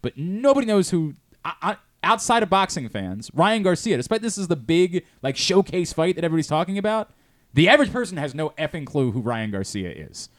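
A man's voice: a little high, sing-song, a little fast, dry recording. A male show host in casual studio chat, rambling and interrupting as he jumps from thought to thought.

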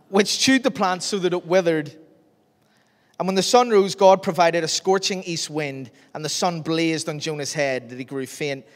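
A man preaching a sermon, telling a Bible story in a lively way and acting out its scenes. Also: fairly high pitch. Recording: long reverb of a large hall.

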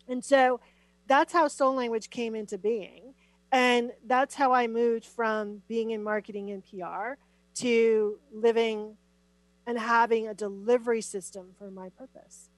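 A middle-aged woman, a podcast guest and spiritual teacher, telling her story in an animated, emphatic way during a conversational interview. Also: fairly high pitch, a little slow, no room sound, rough recording.

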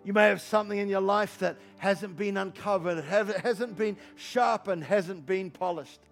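A man in his fifties delivers an energetic sermon in a high, gravelly voice. He jokes with the congregation and hammers home his points with repeated questions, while soft music plays underneath. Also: moderate pace. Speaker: pastor. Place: church hall.

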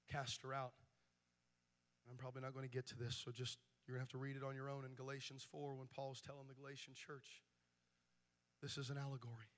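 A man preaching a pentecostal sermon as pastor, moving from quiet, intense passages to shouted, soaring preaching. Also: medium pitch. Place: church sanctuary. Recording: live church with organ music behind. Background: music.

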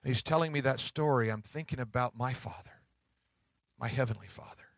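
A middle-aged man pastor giving a sermon, telling stories in a conversational way and dropping to hushed tones at tender moments. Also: medium pitch, brisk, no room sound. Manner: conversational storytelling preaching, drops to hushed tones.

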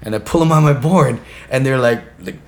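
A man telling a funny story as a podcast guest, animated and laughing as he goes. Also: medium pitch, fairly quick. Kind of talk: casual storytelling.

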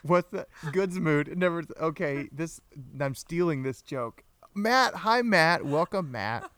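Playful higher-voiced male podcast host. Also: lively intonation, slow pace, fairly bright tone, clear, resonant tone, no room sound. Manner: joking, laughs often, reads viewer comments aloud. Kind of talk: casual live-stream chat.

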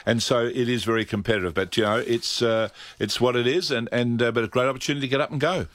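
A man's voice: mid-range voice, steady tone, fast, fairly bright tone. An Australian man who owns a travel agency, chatting enthusiastically on a radio show and rattling off airfares. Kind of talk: radio chat.

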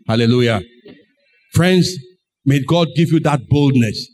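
A male pastor delivers his sermon in a high, ringing voice. He tells the story with great drama and slips into the voices of each character as he goes. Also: animated, moderate pace.

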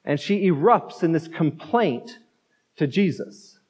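A man's voice: fairly high pitch, lively intonation, slow pace, a little mellow, breathy edge. A man pastor giving a conversational sermon, repeating words as he goes and acting out the quotes. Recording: dull muffled sound in a reverberant hall.

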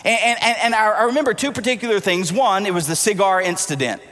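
A man in his forties preaching in a large church, his high, bright voice ringing with long reverb. He tells animated, jokey stories and acts out the dialogue in them. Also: fast talker. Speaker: pastor. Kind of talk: sermon with personal storytelling.

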